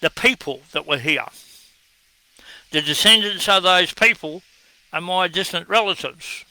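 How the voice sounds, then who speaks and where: An Australian man argues in a blunt, scornful monologue. His voice sits a little high with a gravelly edge and a forceful, bright tone. The recording is dry and close. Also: unhurried, no room sound, poor audio. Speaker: online commentator answering viewer comments. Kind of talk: combative monologue.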